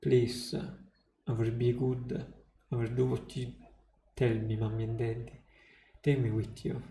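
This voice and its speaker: A man's voice: mid-range voice, level tone, unhurried, gravelly, mellow, slight background noise. A man reading as a pleading little girl. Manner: pleading, tearful. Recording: roomy echo, faint music.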